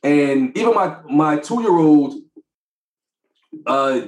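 A man sits in an echoey room and chats casually as a podcast co-host. He tells his stories in an animated way, laughs a lot, and his voice sits a little higher than most men's. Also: drawn-out words. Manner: animated storyteller, laughs often. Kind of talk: casual chat.

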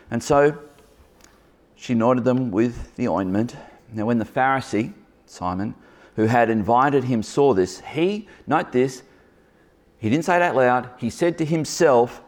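Male preacher, plain mid pitch; sermon with humor, teasing asides to the congregation. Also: animated, a little slow, darkish tone. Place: church hall before a congregation.

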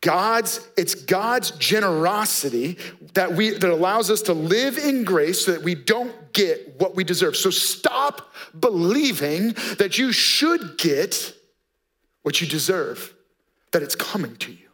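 A man preaching a sermon, slow and emphatic, often dropping softly on key words. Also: high-pitched, lively intonation. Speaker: pastor.

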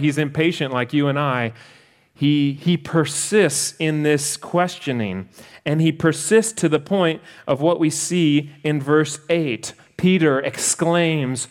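A man preaching a sermon in an earnest way, slowing down to stress key points. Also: mid-range voice. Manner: earnest, slows down for emphasis.

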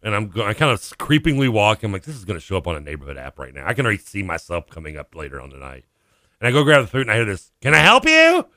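A man's voice: deep voice, big pitch swings, racing, fairly bright tone, no room sound, studio quality. A man co-hosting a radio sports talk show, telling a long funny story in casual chat, acting out the voices he quotes and laughing often. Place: radio studio. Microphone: studio microphone.

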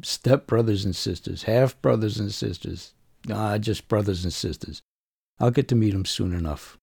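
A man in his fifties telling a personal story in the first person, earnest and emotional, with measured pauses. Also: medium pitch, gravelly, a little mellow, no echo, clean studio sound. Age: 50s.

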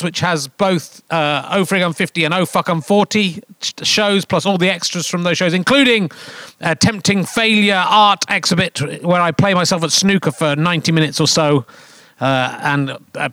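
A man in his fifties with a noticeably high speaking voice hosts a comedy podcast from a theatre stage. He rambles, trips over his own sentences and undercuts himself with jokey, self-mocking asides. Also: sharp tone, clear, resonant tone. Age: 50s. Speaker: podcast host. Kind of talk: comic live podcast hosting on stage.

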